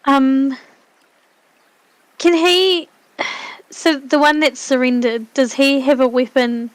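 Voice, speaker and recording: A woman taking part in a tabletop game asks hesitant, hedging questions. She speaks high and slowly, and her voice sounds dry and close. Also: steady tone, no echo, poor audio. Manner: tentative, hedging. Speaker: player.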